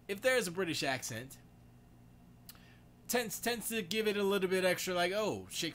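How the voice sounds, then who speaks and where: A man's voice: sits high, bright, forceful tone, a little hiss or hum. A man hosting a casual livestream, rambling and reading chat comments aloud as he goes. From United States. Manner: rambling, reads chat aloud, self-correcting. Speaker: livestream host.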